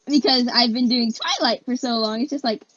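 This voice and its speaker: Woman, fairly high voice, frank, halting chat, dull dry mic. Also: lively intonation, fairly bright tone. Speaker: voice actor. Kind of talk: casual chat.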